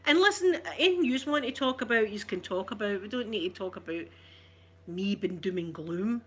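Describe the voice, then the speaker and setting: A woman's voice: medium pitch, lively intonation, brisk, a bit bright, breathy edge. A woman with a Scottish accent chatting casually with her livestream viewers in a rambling, self-teasing way. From Scotland. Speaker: ASMR streamer chatting with viewers.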